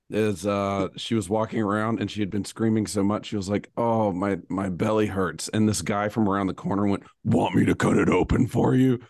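Hoarse-ish guy with a lowish voice, rambles and laughs thru stories, dry close sound. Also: no echo. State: slightly hoarse. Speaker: podcast co-host. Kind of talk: casual podcast chat.

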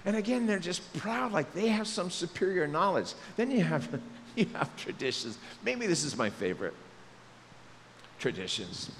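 Pastor guy preaching, high voice all over the place, goofy bits, church echo, faint noise behind. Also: moderate pace. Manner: lively, joking, acts out quotes in voices. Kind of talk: sermon. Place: church sanctuary.

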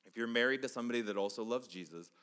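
Male pastor, sermon delivery, bright forceful tone, lively storytelling, long hall reverb. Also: mid-range voice, rapid-fire, clear, resonant tone. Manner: animated storytelling, swings from soft to loud.

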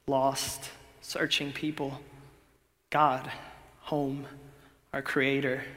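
A young man preaching a sermon in a laid-back, conversational way, sometimes dropping to a hush for emphasis. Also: medium pitch, creaky. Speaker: pastor. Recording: long hall reverb.

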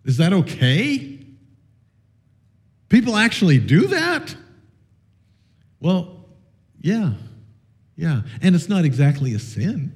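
A man's voice: high voice, slow, pauses often. A man preaching a sermon to his congregation, telling a story and calling on listeners, conversational with frequent fillers and restarts. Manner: animated, storytelling with audience participation. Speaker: pastor.

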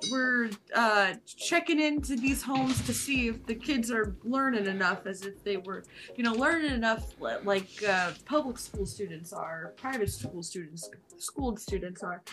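A woman co-hosting a podcast who rambles and swears her way through a casual film summary. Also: on the high side. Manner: rambling, giggly, swears often. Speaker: podcast co-host.

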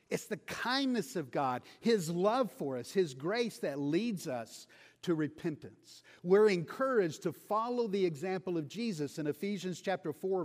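A man preaching a sermon, earnest and unhurried, his voice dropping soft and low when he quotes scripture. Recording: long reverb of a large hall.

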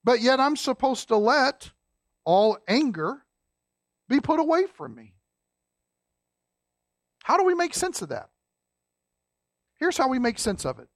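A man preaching a sermon as a pastor, folksy and emphatic, dropping low and quiet to stress a point. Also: big pitch swings, a little slow, long pauses, dry recording, clean studio sound.

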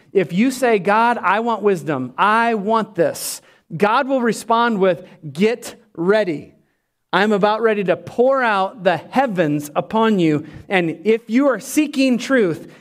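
A male pastor preaching a sermon with emphatic delivery that drops to soft, prayerful tones. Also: high-pitched.

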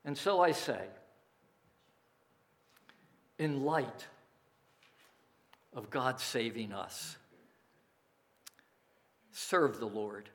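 A male pastor delivers a sermon at an unhurried, measured pace. His voice sits in a middle pitch, and he leans on key phrases with emphasis. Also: animated, fairly bright tone. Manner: slow, deliberate preaching with emphatic phrasing.

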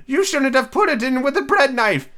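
A man voicing the Hatter, a rude, riddling man in a storybook reading, speaking shrill and drawn out. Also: lively intonation, normal speed, fairly bright tone.

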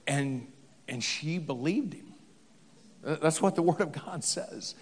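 A male pastor preaching in a relaxed, storytelling way and playing the story for humor. His voice sits on the higher side and his pace is slow. A long reverb fills the large hall. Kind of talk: sermon.

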